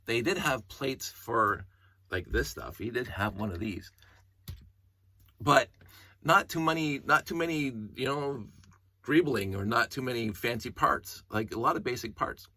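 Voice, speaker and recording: A middle-aged man excitedly showing toy pieces from his collection, talking in a rambling way with many restarts and tangents. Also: mid-range voice, measured pace, no echo. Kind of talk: casual show-and-tell vlog.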